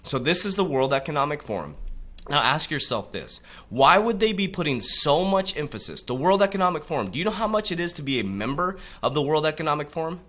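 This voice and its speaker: Bright-voiced preachy motivational man. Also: big pitch swings, fairly quick. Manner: preachy, repeatedly addresses listeners as warriors; drops low and quiet on tag words. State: coughing from allergies. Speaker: crypto motivational coach. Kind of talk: motivational monologue.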